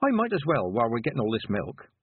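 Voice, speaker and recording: A man reading a storybook voices a thoughtful, wary young girl with soft, earnest questions. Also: mid-range voice, huge pitch swings, fast, husky, no echo. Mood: careful. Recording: tinny, phone-like narrow sound.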